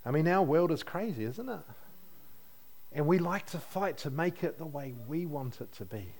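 A man's voice: fairly high pitch, lively intonation, normal speed, darkish tone. A man preaching a sermon in a conversational way, asking his listeners questions and adding light humor.

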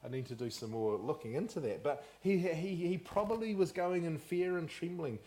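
A man's voice: fairly high pitch, normal speed, a little hiss or hum. A man preaching a sermon as pastor, often asking the congregation questions. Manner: animated, asks the congregation questions.

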